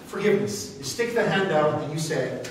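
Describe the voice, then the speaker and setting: A man who hosts a radio talk show speaks to a meeting. He tells stories with passion and rises to loud exclamations. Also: on the high side, very animated, unhurried. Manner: impassioned storyteller, rising to loud exclamations. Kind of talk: speaking to a meeting, answering questions. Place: meeting room. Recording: echoey hall, speaker far from mic, faint noise.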